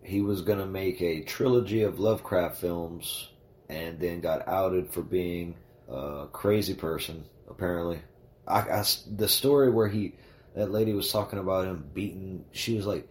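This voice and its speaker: Deep low voiced guy chatting horror movies, laid-back, echoey room. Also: moderate pace. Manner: laid-back, casual swearing. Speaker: podcast co-host. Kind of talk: casual chat.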